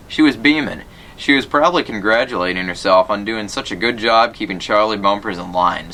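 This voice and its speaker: A man reads a children's novel aloud in a fairly low but bright voice. He tells the story plainly and gives the characters light voices. There is a faint rumble behind him. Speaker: reader.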